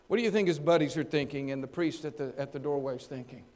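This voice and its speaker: Man, pastor, high voice, dramatic sermon delivery, acted-out voices, loud and soft swings. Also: expressive, a little fast, hardly any pauses.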